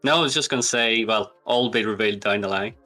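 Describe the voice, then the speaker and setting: Bright, teasing man. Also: fairly low pitch, fast talker, faint music behind. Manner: hedging, teasing, laughs often. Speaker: guest. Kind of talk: casual chat.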